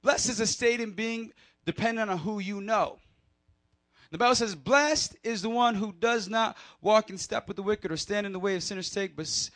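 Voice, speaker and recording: A man giving a playful, energetic sermon to a youth crowd, leading call-and-response and laughing with them. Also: high-pitched. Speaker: youth pastor.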